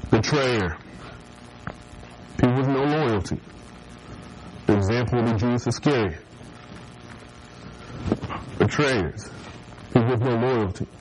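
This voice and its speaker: A man delivering a youth group sermon in a casual, joking way. He slips into mocking voices and laughs with his listeners, at an ordinary pitch. Faint background noise sits under the recording. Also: slow pace, pauses often, poor audio. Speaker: youth pastor.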